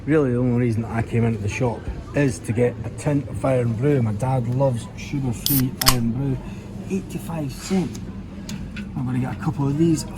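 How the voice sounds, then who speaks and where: Scottish male vlogger, mid-pitched, chatty and incredulous, clear background noise in the recording. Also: moderate pace. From Scotland. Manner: chatty, keeps exclaiming in disbelief at prices. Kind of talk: casual vlog commentary. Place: shops and a car.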